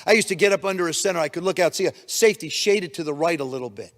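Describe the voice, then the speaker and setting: A man's voice: a little high, racing. A man in his seventies giving a motivational keynote speech, telling stories and acting out bits of dialogue. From United States. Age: 70s. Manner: storytelling, animated, acts out dialogue. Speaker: keynote speaker. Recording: long hall reverb.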